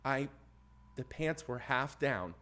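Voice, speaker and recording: Taking his time, a medium-pitched male podcast co-host relates a lengthy story from his own life during a laid-back chat. He performs the other people's parts with animation, and his volume rises at the climax.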